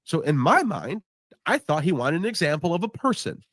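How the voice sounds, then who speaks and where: A man reacting to a call he was on, animated and exasperated, replaying clips. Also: fairly high pitch, brisk, dry recording, studio quality. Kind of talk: casual reaction chat.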